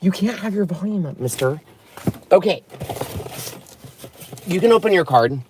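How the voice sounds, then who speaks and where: Man, crafting vlog host, casual unboxing chat, giggly and dramatic, very lively pitch, inside a car. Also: normal speed, background noise.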